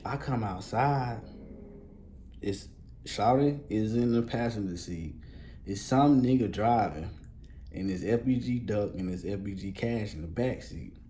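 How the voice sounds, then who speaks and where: A man tells a casual storytime in a low, mellow voice. He talks loosely in street slang and swears often, leaning on fillers as he goes. Faint noise sits under the recording. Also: unhurried. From Columbus, Georgia, US.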